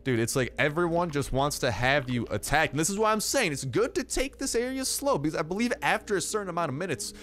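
Excitable young man doing game commentary. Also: fast, few pauses. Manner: excitable, jokey, rambling, jumps to high exclaims. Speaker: gaming channel host. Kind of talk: gameplay commentary.

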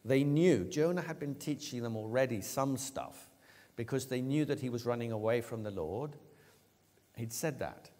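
A man preaching a sermon, retelling a story with lively, acted-out voices for the characters. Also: medium pitch, moderate pace. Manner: animated storytelling, acting out quoted lines. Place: church. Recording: long church reverb.

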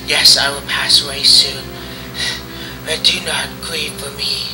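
A young man voicing a dying ancient male tree spirit in an amateur game dub, solemn and halting, stumbling over old-fashioned words. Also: mid-range voice, little pitch movement, over music, natural voice, poor audio.

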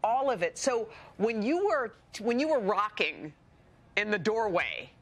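A woman's voice: medium pitch, big pitch swings, a little slow, fairly bright tone. A woman co-hosting a talk show, questioning her co-host in a playful, teasing way. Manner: teasing and curious, asking questions. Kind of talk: casual chat.

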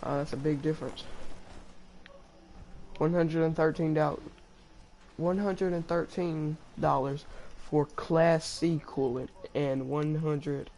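A young man narrating his gameplay, loud and reactive, quick to trash-talk. His voice carries a gravelly edge, with a faint noise underneath. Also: fairly high pitch, steady tone. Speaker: gamer. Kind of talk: live gameplay commentary.

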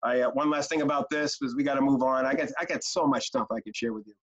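A man's voice: mid-range voice, fast talker. A middle-aged man leading a training webinar, telling stories and chanting short rhymes with lots of energy. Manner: animated, chanting rhymes, storytelling. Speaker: youth care trainer. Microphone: video call. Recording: dull lo-fi webinar audio.

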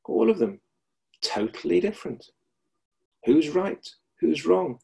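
A middle-aged man with a gravelly, slightly husky voice teaches over a video call. He speaks reflectively and often repeats a key phrase for emphasis. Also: fairly high pitch, sing-song, slow pace, pauses often, mellow. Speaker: Alexander Technique teacher. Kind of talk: webinar lecture with anecdotes.

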